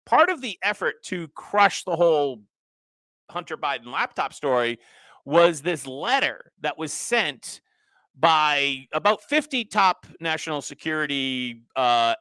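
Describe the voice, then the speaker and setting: A man's voice: fairly high pitch, sing-song, measured pace, bright, forceful tone, dry recording. A man hosting a show, talking through a political commentary monologue, reading quotes aloud and adding mocking, sarcastic asides. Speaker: host.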